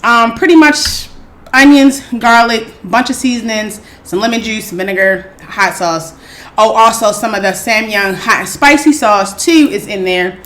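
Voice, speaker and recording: A woman hosting an eating show, chatting casually and excitedly to her viewers, calling them y'all. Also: fairly high pitch, a little slow. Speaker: mukbang host.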